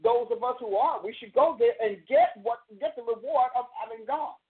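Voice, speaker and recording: A woman's voice: fairly high pitch, fairly quick. A woman host preaching in a loose, conversational way, driving her points home by repeating phrases. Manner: emphatic, repeats phrases for stress. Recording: tinny phone-line sound.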